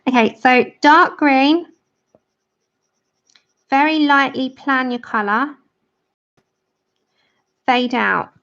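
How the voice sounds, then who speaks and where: London lady chatting on a colouring livestream, kinda high voice, walks you through every step, dull lo-fi sound. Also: very slow, pauses often, fairly bright tone. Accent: London English. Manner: chatty, laughs often, talks viewers through each step.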